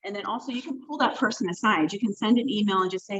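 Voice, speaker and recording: A woman trainer leading a workshop over a video call, talking in a conversational, emphatic way with quick self-corrections. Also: medium pitch, a bit bright, slightly rough. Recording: dull lo-fi video call audio.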